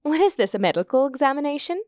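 A woman voicing a young female holidaymaker who is feverish and irritable, her lines pitched up high and clipped. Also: very animated, normal speed, a little mellow, no echo, studio quality. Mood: irritated.

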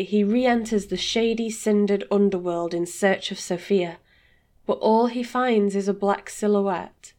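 A woman narrates a dark tale at a very slow, deliberate pace. Her voice sits at a middle pitch, and she gives each phrase dramatic weight. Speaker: storyteller. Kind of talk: scripted story reading.

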